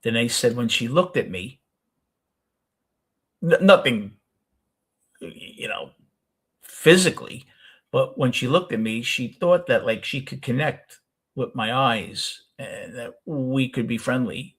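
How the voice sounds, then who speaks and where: An older man with a New York accent tells a long personal story in a loose, rambling way. His voice is husky and sits at an ordinary pitch. He stops often to correct himself as he goes. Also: expressive, slow pace, pauses often, a bit bright. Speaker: host. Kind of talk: casual storytelling.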